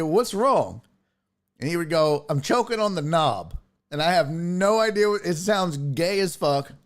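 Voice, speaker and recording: Casual male sports-stream host, mid-pitched, swears freely, rambles and laughs mid-story. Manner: rambling, profane, laughs while telling stories. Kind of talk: casual livestream chat.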